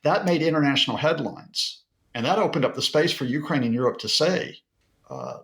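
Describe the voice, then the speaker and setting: A man's voice: a little high, animated, brisk, creaky, fairly bright tone. A male professor being interviewed as a guest analyst, explaining at length in a lecture-like way with occasional fillers. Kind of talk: broadcast interview.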